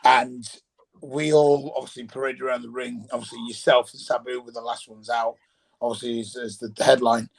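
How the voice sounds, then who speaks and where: A man with a noticeably gravelly voice hosts a live signing session. He reads out requests and chats in an easygoing, affirming way. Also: mid-range voice, little pitch movement, moderate pace, rough recording. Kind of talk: casual chat.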